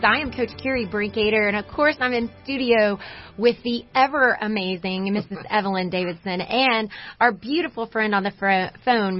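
A woman's voice: mid-range voice, muffled recording. A woman co-hosting a Christian radio talk show, telling a story with lots of laughter. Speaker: radio show co-host, coach. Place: radio studio.

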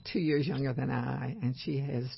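An older woman co-hosting a Christian talk show, speaking in a husky, hesitant way. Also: a bass voice, steady tone, dry recording. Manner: hesitant, halting. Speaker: co-host. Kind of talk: casual chat. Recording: dull dry lo-fi sound.

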